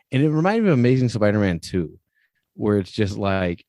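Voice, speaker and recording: A man's voice: fairly low pitch, big pitch swings, a little fast, mellow, no room sound, studio quality. A man casually recapping a movie on a podcast, rambling, laughing often and acting out lines. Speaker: podcast co-host. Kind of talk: casual movie review chat.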